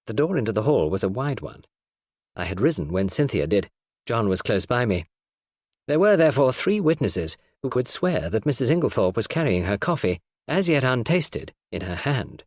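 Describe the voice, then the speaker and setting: Man, audiobook narration, animated pitch, dry recording. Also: moderate pace, no echo.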